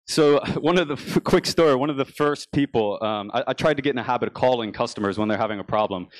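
A man's voice: medium pitch, fast talker, no echo. A young American man giving a business talk on a conference stage, telling his story casually with frequent restarts. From United States. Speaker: conference speaker.

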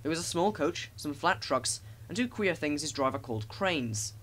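A man narrating a children's railway storybook in a gentle, expressive reading. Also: on the high side, normal speed, slight background noise. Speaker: audiobook narrator.

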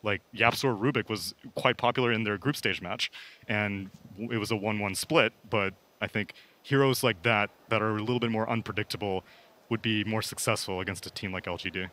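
A man analyzing esports strategy on a live panel in an animated, laughing way, acting out hypotheticals. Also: on the low side, fairly quick.

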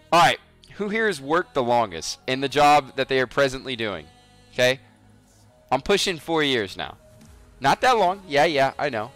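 Speaking in a slightly high, fairly bright voice, a game streamer in his twenties chats casually on his livestream. He swears freely, jokes, teases his viewers and laughs a lot.

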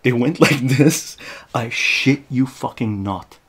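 A man, telling a story on a live stream in a casual, profane, animated way, often tagging his lines with "right?". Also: medium pitch, slow, a little hiss or hum. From Iran.

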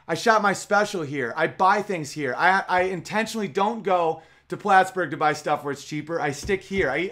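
A man's voice: sits high, a bit bright. A man in his thirties hosting a podcast, speaking in a heated, emotional monologue full of swearing. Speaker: podcast host.

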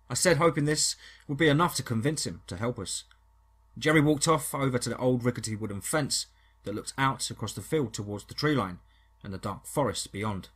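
Husky male horror narrator, mid-pitched, steady and dramatic. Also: brisk. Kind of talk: first-person horror story narration.

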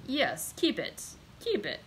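A woman's voice: mid-range voice, huge pitch swings, slow pace, slight background noise, rough recording. A woman reading the lines of a nervous, greedy male banker who stammers and frets. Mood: flustered. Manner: stammering, flustered.

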